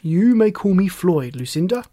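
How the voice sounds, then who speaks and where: A friendly grown man in a children's storybook who hosts and tells stories, offering his listeners another round of hot chocolate, as the reader puts him on. He speaks with a hospitable lilt, a little above the reader's own pitch. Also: big pitch swings, moderate pace, warm tone. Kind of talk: storybook read-aloud.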